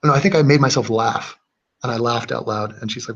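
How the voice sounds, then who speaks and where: Husky-voiced man rambling on a livestream. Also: medium pitch, fast, a bit bright, muffled recording. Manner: rambling, joking, with fillers and restarts. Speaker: livestream host reading chat. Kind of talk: casual chat.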